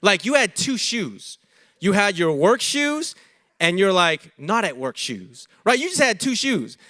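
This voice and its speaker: A man's voice: sits high, measured pace, no room sound, studio quality. A young adult man preaching a sermon in church, joking and acting out quoted dialogue. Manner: animated, jokey, acts out quoted dialogue. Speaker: pastor.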